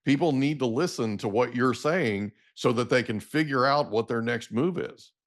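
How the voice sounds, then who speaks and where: A middle-aged man hosts a podcast at a mid-range pitch. He sounds eager and keeps affirming what his guest says in easy conversation. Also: moderate pace. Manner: enthusiastic, affirming interviewer. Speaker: podcast host. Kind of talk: casual interview chat.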